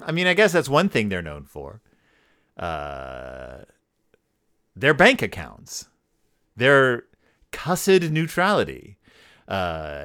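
A man's voice: fairly low pitch, wildly swooping pitch, slow pace, long pauses, fairly bright tone. A man hosting a podcast, reviewing a children's book in a sarcastic, joking monologue, sometimes slipping into mock accents. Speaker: podcast host.

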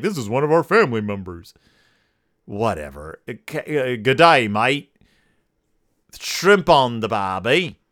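A man's voice: on the high side, fairly bright tone, clean tone. A man hosting a podcast and giving a comedic, sarcastic review of a picture book, with wry rambling asides. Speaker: podcast host.

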